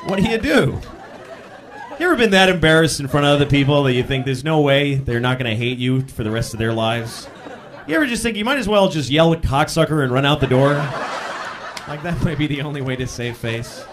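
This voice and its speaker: A man doing a stand-up set on a club stage, telling stories and breaking into loud yells for punchlines, with the audience laughing behind him. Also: mid-range voice, a little fast, crowd noise. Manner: animated storytelling, bursts into loud yells for punchlines. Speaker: stand-up comedian.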